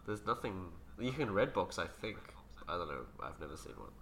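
A man co-hosting a podcast, chatty and quick to argue details. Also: sits low, big pitch swings, vocal fry, noisy background. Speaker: podcast co-host. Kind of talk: casual chat.

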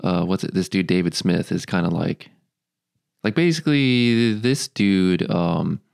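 A male podcast host in casual chat, joking and swearing, laughing often and filling pauses with ums. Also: deep voice, animated, gravelly, darkish tone, clear, resonant tone.

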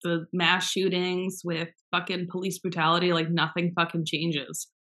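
Frank, bright-voiced young woman chatting. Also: lowish voice, little pitch movement, moderate pace. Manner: frank, swears freely, rambling. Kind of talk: casual chat.

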